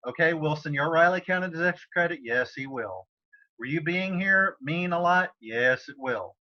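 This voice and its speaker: A man's voice: fairly high pitch, lively intonation, normal speed, bright, forceful tone. A man teaching a Spanish class over a video call, talking casually with many fillers and restarts. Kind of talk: casual online tutoring session. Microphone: computer mic on a video call. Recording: slightly dull video-call audio.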